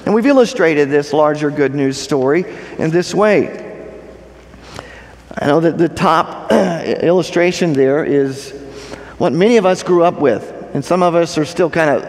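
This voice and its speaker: A man's voice: on the high side, measured pace, darkish tone. A male pastor preaching a sermon, emphatic, repeating key phrases and putting questions to the congregation. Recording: long hall reverb.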